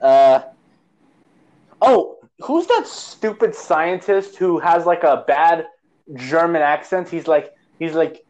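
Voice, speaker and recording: A man in casual movie-review chat, his voice sitting a little high. He rambles, restarts his sentences and tosses in sarcastic digs. His delivery is loose and conversational. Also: animated, slow pace, darkish tone. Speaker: podcast co-host, movie reviewer.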